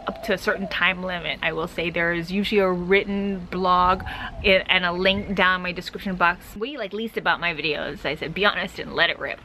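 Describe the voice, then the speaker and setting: A woman travel vlogger talks to camera in a casual, candid chat. Her speech is quick and tumbles along, and her voice sounds bright and tense. A faint noise sits behind her. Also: fairly low pitch, fairly even intonation, poor audio. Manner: fast, chatty, candid.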